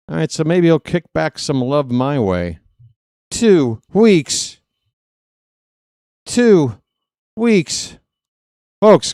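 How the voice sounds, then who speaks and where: A man's voice: mid-range voice, clear, resonant tone, dry recording, studio quality. A man hosting a live baseball stream, chatting casually with viewers and joking in asides.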